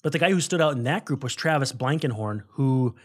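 A man's voice: medium pitch, animated, brisk. A man co-hosting a baseball podcast, talking casually and rambling through scouting notes with frequent self-corrections. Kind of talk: casual sports chat.

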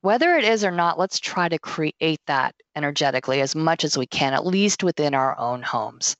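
A middle-aged woman hosting a podcast, giving casual pet-care advice in an earnest, gently insistent way, laughing easily. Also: low-pitched, animated, moderate pace, dry recording. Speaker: podcast host and pet sitter.

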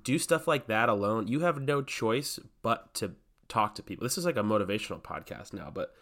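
A man's voice: fairly low pitch, animated, brisk, vocal fry, a bit bright. A man co-hosting a casual podcast. He talks in a wry, blunt way and swears now and then. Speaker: podcast co-host. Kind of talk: casual chat.

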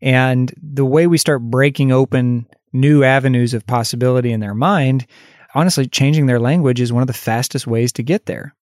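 A man in a middle pitch talks through a solo coaching podcast in an unscripted, conversational way. He laughs at himself now and then and brightens when voicing example phrases. The sound is dry and close, with no room around it. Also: normal speed, dry recording. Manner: lifts his voice when acting out example phrases. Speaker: life coach and podcast host.

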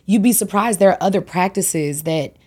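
A woman hosting a podcast, chatting casually with features, telling stories in an animated way and acting out what people say. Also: mid-range voice, moderate pace, breathy edge. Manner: animated storytelling, acts out quotes, laughs often. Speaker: podcast host. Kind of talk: casual chat.

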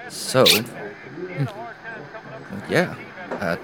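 An actor playing a hesitant, stammering young office worker in an audio drama. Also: male voice, very slow. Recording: busy crowd behind.

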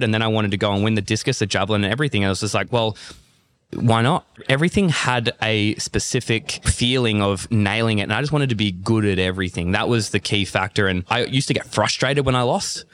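Australian man telling sporting stories. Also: on the low side. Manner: animated storyteller, acts out remembered dialogue. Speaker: guest athlete. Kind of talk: casual storytelling interview.

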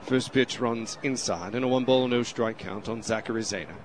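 A man's voice: mid-range voice, normal speed, a little hiss or hum. A man calling a baseball game on the radio in a playful, mock-formal, put-on English accent. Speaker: radio play-by-play announcer. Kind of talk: baseball play-by-play commentary. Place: radio broadcast booth.

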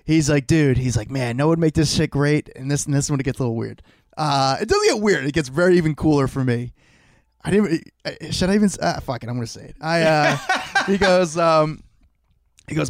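A man's voice: on the high side, fairly quick, no echo, studio quality. A man, a podcast co-host telling a long story at home in casual chat, acting out the voices and swearing freely. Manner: animated, swears freely, acts out quoted voices.

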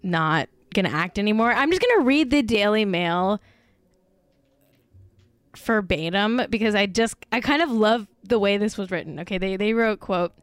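A woman's voice: medium pitch, expressive, moderate pace, clean tone, no echo. A woman co-hosting a casual podcast chat, gossipy and blunt, peppering her talk with "like.". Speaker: podcast co-host.

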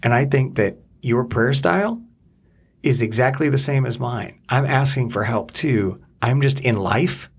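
A man's voice: mid-range voice, unhurried, slightly rough. A middle-aged man co-hosting a podcast, talking in an earnest, rambling and heartfelt way, sometimes praying aloud. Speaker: podcast co-host. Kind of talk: casual chat and spoken prayer.

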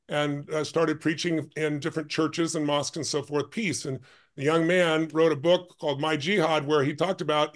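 A man who is a guest on a podcast, telling a story in an intense, emphatic way with quick bursts. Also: fairly high pitch. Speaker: guest, life and business strategist.

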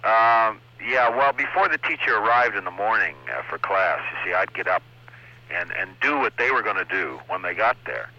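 Here the Canadian impressionist is interviewed over lo-fi radio, laughing through chatty anecdotes of his early years and dropping into impressions. He sounds on the low side and animated, talking at a normal speed.

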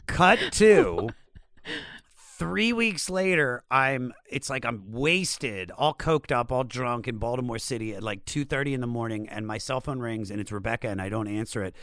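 A man's voice: mid-range voice, lively intonation, normal speed, fairly bright tone, dry recording. A man hosting a podcast, casually telling a rambling, profane story. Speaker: podcast host.

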